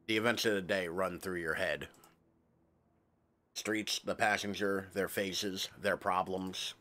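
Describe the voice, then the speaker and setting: A man's voice: deep voice, steady tone, slow pace, bright, forceful tone, faint music behind. A male streamer reading a narrative game aloud, dropping casual, wry asides between the lines.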